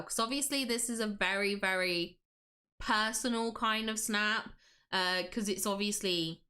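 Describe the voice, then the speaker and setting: Woman, livestream host, bright tone, gushing, chatty. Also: mid-range voice. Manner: gushing, enthusiastic, reads chat aloud. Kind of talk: casual livestream commentary.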